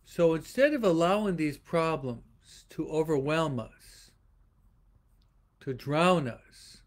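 A priest delivers a livestreamed homily to online viewers, his male voice a little high and expressive. He preaches slowly and repetitively, circling back to rhetorical questions, and often pauses and restarts partway through sentences.

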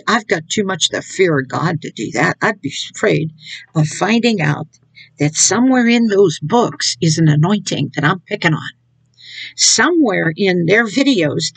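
With a lowish, gravelly and husky voice, a woman delivers an informal online sermon full of mockery. She laughs at the things she describes and scornfully acts out what other people say. It's a dry, low-quality recording.

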